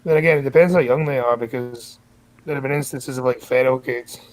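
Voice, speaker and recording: Scottish guy in his 20s, streamer, dry offhand banter, mid-pitched voice. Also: steady tone, a little fast, rough recording.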